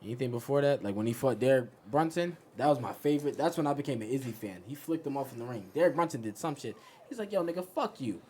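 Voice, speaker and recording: A man's voice: medium pitch, fast, a little hiss or hum. A man from the American South hosting a casual comedy podcast, acting out people in his stories. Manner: animated, acts out characters in bits. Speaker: podcast host.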